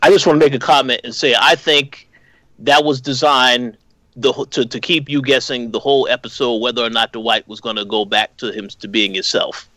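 A man's voice: mid-range voice, fairly even intonation, normal speed, sharp tone, no echo, poor audio. A man co-hosting a podcast, chiming in casually with hesitant, stumbling restarts. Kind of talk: casual chat.

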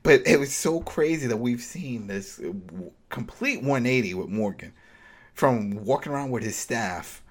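Animated man recapping a show. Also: mid-range voice, a little slow. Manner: animated, acts out scenes with shifting voices. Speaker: podcast co-host. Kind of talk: casual recap chat.

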